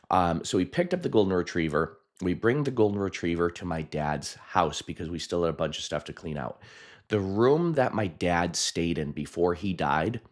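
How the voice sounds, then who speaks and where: A man, a hypnotist, telling a personal story in a chatty, animated way, with frequent laughs and fillers. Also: low-pitched. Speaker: hypnotist and video host.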